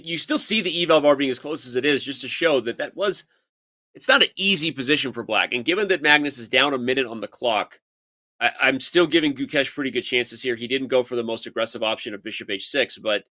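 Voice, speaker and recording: A young man commenting live on a chess game, excitable and openly rooting for one player, crying out at big moves. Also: medium pitch, a little fast.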